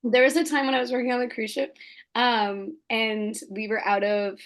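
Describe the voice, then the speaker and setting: A young woman from the Canadian Maritimes, a podcast guest telling animated stories full of fillers and quoted voices. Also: a little high, moderate pace. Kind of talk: casual chat.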